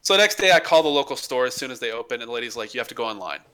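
A man's voice: medium pitch, lively intonation, racing, sharp tone, smooth. A young man in casual chat, animatedly telling a comic story, acting out the quotes and swearing freely.

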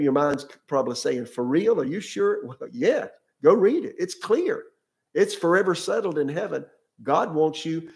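A man's voice: on the high side, vocal fry, darkish tone. A male pastor preaching a sermon in a conversational way, often repeating words and asking his listeners questions.

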